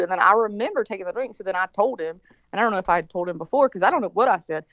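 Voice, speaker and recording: A woman in her forties rambles through a story with plenty of swearing and animated asides. Her co-host chat comes through a dull, lo-fi line with a dry, close sound. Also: mid-range voice, racing, dry recording. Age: 40s. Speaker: show producer, co-host.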